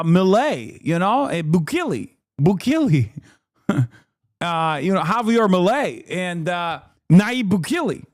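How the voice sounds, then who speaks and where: A male streamer reacting to clips in casual, profane commentary, often mocking and laughing. His voice sits high and he talks at an unhurried pace. The sound is dry and close-miked. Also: no echo.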